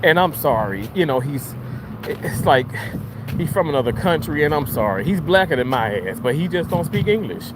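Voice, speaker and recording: A man's voice: fairly high pitch, very animated, moderate pace, noisy background. A man ranting in a casual vlog from his car, frustrated and swearing as he rambles. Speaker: vlogger.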